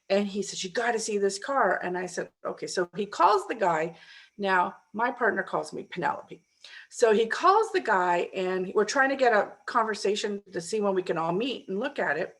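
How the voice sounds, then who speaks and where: A middle-aged woman, a mindset coach, telling a story in a casual interview and acting out the people she quotes. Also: medium pitch. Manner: animated, acts out quoted voices with laughter.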